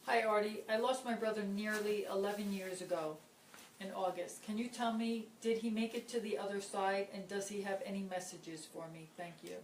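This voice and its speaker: A woman's voice: mid-range voice, fairly even intonation, moderate pace. Distant echoey woman reading questions. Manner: reads names and questions aloud plainly. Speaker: reader of viewer questions. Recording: echoey, distant room with faint noise.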